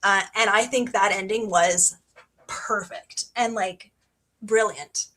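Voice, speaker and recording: A young woman hosting a casual book club livestream, chatty and excitable with lots of fillers. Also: medium pitch, slow. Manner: chatty and excitable, many fillers, reads passages aloud.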